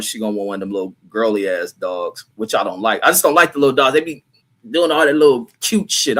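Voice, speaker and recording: A middle-aged man hosting a livestream, reading viewer comments aloud and riffing on them in a blunt, profane, rambling way. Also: mid-range voice. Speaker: livestream host.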